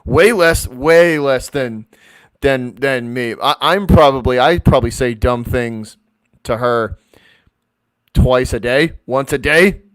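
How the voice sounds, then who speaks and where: A man co-hosting a casual trivia stream from home, talking with his girlfriend in a halting way, restarting his sentences often. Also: mid-range voice, fairly bright tone. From Boston area. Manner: halting, restarts a lot while recalling. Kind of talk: casual chat.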